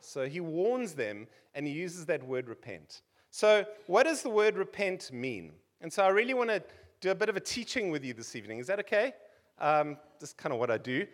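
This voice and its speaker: Man, South African accent, forties, high voice, preaching, conversational, joking asides. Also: very animated, normal speed. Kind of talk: sermon.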